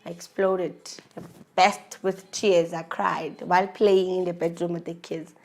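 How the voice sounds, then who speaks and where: A woman's voice: on the low side, little pitch movement, a little slow, darkish tone. A South African woman in her thirties, emotionally confiding a personal story with frequent restarts. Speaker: vlogger.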